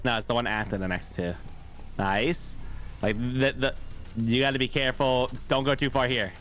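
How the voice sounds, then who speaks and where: A man playing a game with a friend in casual chat, teasing him and breaking into high shouts. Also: steady tone, normal speed, faint music behind. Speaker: guest gamer.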